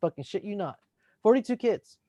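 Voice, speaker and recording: Man, fairly high voice, dry close sound, laid-back, reflective, swears casually. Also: lively intonation, brisk, mellow, no echo. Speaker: podcast co-host, teacher. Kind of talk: casual chat.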